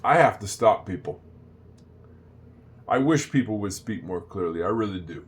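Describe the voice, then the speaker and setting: Older male teacher, low voice, chatty and rambling, drills phrases slowly. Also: expressive. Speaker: English teacher. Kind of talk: casual spoken lesson.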